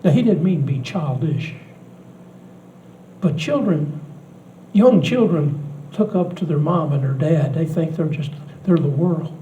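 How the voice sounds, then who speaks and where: Older pastor, distant and echoey. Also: male voice, on the high side, a little slow, pauses often, mellow, highs cut off, slight background noise. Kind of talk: sermon with storytelling.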